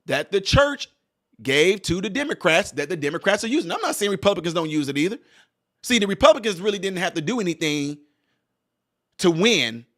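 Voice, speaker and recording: Animated man preaching rhetorical questions. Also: sits high. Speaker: political commentator. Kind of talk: animated monologue.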